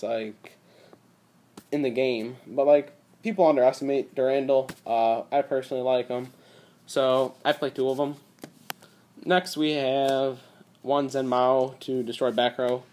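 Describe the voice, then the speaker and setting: Speaking in a medium-pitched, darkish voice, a young man gives a casual rundown of his card game deck, captured on a tablet. He rambles, fills gaps constantly, and sounds a little strained from all the talking.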